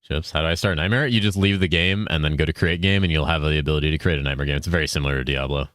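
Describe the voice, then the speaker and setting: A man's voice: rumbling low, fairly even intonation, racing, a bit bright, dry recording, studio quality. A man streaming a video game, chatting casually, explaining items and thanking viewers, with loose joking talk and some swearing. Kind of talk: casual gameplay chat.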